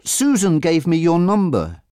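A man's voice: fairly high pitch, wildly swooping pitch, measured pace, mellow, smooth, no echo, clean studio sound, pitched above the performer's own voice. A man voicing an earnest young man phoning with bad news in a read-aloud story. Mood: urgent. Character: young man, urgent caller.

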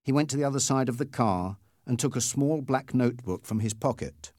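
A man's voice: a little fast, no echo, clean studio sound. A man narrating a story aloud in the first person. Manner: lively storytelling with wide pitch swings. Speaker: audiobook narrator.

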